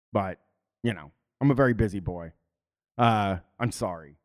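Profane, blunt joking man host. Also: on the low side. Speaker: stream host. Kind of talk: casual chat.

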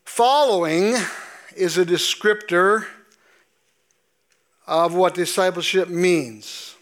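Slow-preaching pastor, high voice. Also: male voice, fairly bright tone. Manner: slow, deliberate preaching with emphatic drawn-out scripture quotes. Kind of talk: sermon. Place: church sanctuary.

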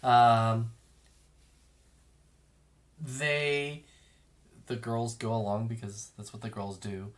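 A man's voice: mid-range voice, little pitch movement. A man co-hosting a podcast, chatting loosely and swearing while recapping episodes. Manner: loose, profane, quick retelling of scenes. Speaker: podcast co-host. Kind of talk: casual podcast chat.

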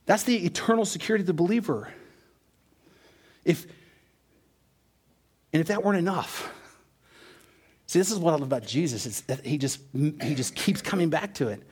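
High-voiced emphatic male preacher. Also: moderate pace, long pauses, darkish tone, slightly rough. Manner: emphatic, repeats words for stress, asks "right?". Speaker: pastor. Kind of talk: sermon.

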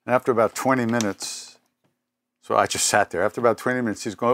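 An older man giving a spiritual talk, telling personal stories in an unhurried, reflective way with pauses and self-corrections. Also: mid-range voice, fairly even intonation, a bit bright, dry recording. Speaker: spiritual teacher.

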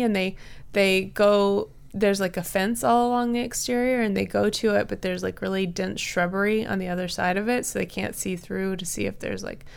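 A woman's voice: mid-range voice, creaky, clear, resonant tone. A woman co-hosting a podcast, casually improvising a story with lots of fillers. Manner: casual, chatty, many fillers.

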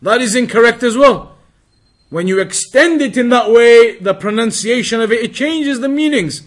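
A man teaching a religious lesson, reading Arabic text quickly and then explaining it slowly, drawing out words to demonstrate pronunciation. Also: very high-pitched. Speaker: Islamic teacher.

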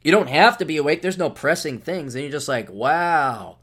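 A man's voice: fairly high pitch, fast talker, a bit bright. A middle-aged man hosting a podcast, talking in a rambling, sardonic solo monologue with frequent restarts. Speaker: podcast host.

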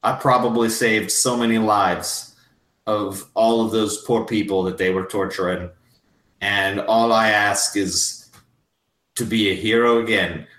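Brief: a man doing a swaggering, boastful war hero, mid-pitched, tabletop game, echoey room. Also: steady tone, measured pace, a bit bright. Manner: boastful and belligerent. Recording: roomy echo.

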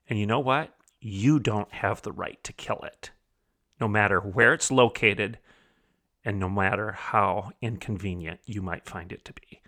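A man's voice: fairly low pitch, fairly bright tone. A man hosting a commentary show, talking emphatically, repeating phrases for stress and asking rhetorical questions. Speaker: podcast host. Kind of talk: opinion commentary monologue.

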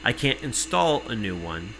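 A man telling an exasperated, profane story in casual podcast chat, cursing freely and working himself up to shouting. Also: fairly low pitch, very animated, moderate pace, noisy background.

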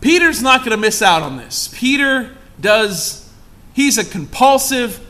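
A man's voice: big pitch swings, measured pace, bright, forceful tone. A man preaching a sermon to a congregation in a church, acting out the lines of the story with dramatic swings and asking the room questions. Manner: dramatic, acts out quoted lines with big shifts in pitch and volume; asks the congregation direct questions. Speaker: pastor.

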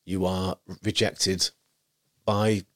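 A young adult man, co-hosting a podcast, chatting casually and telling stories in an animated way. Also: low voice, extremely slow. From York, England. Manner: animated, storytelling, puts on voices. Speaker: podcast co-host. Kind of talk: casual chat.

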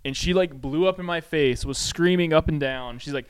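A podcast co-host with a slightly high, clear and resonant voice swaps retail anecdotes at normal speed in a home studio. His casual storytelling is animated, profane and full of fillers.

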